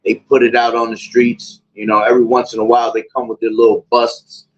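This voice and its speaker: A man's voice: mid-range voice, completely flat delivery, a little fast, muffled recording. A man hosting religious commentary, talking in a rambling way with many fillers like "you know" and "all right". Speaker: host of a religious talk channel. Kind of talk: preaching commentary.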